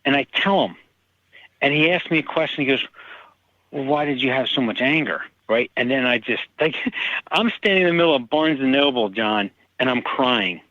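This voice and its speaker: Animated male author telling stories. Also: mid-range voice, normal speed, no room sound, muffled recording. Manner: animated, acts out quoted people. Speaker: author guest. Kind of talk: casual storytelling.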